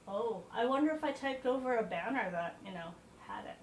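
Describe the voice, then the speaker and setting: A woman's voice: fairly high pitch, animated, brisk, hardly any pauses. A woman, a piano teacher talking casually through a practice session, thinking aloud with fillers and asides. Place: home practice room with piano. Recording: roomy practice room, faint background noise.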